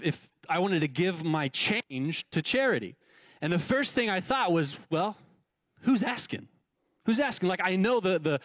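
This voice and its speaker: A man's voice: a little high, a bit bright, no echo. A young adult man preaching to his church, talking conversationally with many repeated words and rhetorical questions. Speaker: pastor. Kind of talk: sermon. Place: church sanctuary.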